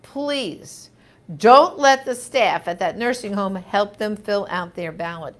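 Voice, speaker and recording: A woman's voice: medium pitch, takes it slowly, fairly bright tone. Woman hosting a live q&a, reads comments, super emphatic and chatty, gets all worked up. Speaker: host answering viewer comments. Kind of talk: live question-and-answer chat.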